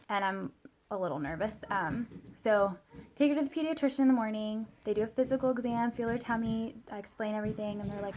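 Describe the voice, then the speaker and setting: A woman in her thirties chats to camera about her young daughter, loose and rambling, with plenty of fillers. Her pitch sits in the middle, and a faint hiss runs under the voice. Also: steady tone, normal speed. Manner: chatty, lots of fillers and "like", quotes her child in a small soft voice. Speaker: mother sharing a product story. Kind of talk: casual vlog storytelling.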